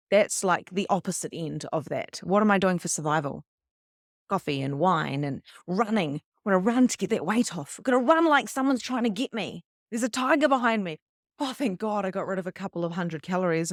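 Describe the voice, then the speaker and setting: A middle-aged woman leads a live online spiritual workshop in a chatty, animated voice. She acts out her own moments of panic as she teaches. The sound is close and dry, with no room echo. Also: fairly low pitch. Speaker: spiritual coach.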